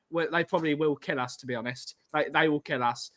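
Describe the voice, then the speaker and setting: A man's voice: a little high, brisk, sharp tone. A man from Somerset co-hosting a podcast, bantering and reading out viewer comments. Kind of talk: casual chat.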